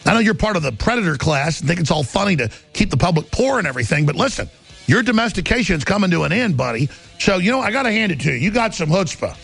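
Raspy, animated, angry talk host. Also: male voice, high voice, fast talker, faint music behind. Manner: angry, mocking, shouting rants with sneering impressions. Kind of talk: ranting political commentary.

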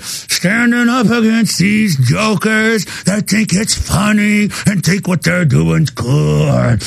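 A man hosting a talk show, delivering a fiery on-air rant, shouting, worked up and breaking into manic laughter. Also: sits high, vocal fry, dry recording, clean studio sound.

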